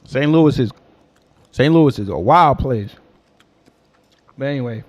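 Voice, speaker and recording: A man's voice: mid-range voice, unhurried, dull audio. A young man from New York, telling a story in a casual, slangy way and answering his chat as he goes. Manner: animated, slangy, talks back to chat. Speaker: host.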